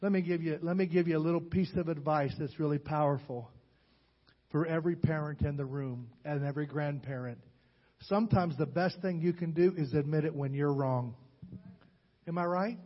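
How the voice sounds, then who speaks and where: A man preaching a sermon, swinging between loud, rising calls and soft, low storytelling. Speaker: pastor. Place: large church hall. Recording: muffled sound with long hall reverb.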